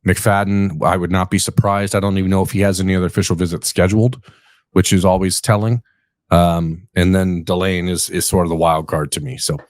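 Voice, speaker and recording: A man's voice: fairly low pitch, no echo. A man hosting a casual sports podcast, tired and rambling, often correcting himself and joking. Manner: rambling, self-correcting, jokey. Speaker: podcast host.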